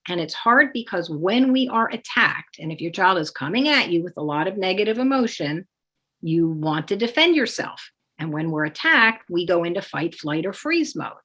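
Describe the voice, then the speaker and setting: A woman teaching parents, explaining steps calmly and acting out sample phrases with lively emphasis. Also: on the low side, slightly rough. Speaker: parenting educator. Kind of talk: instructional talk with demonstrations.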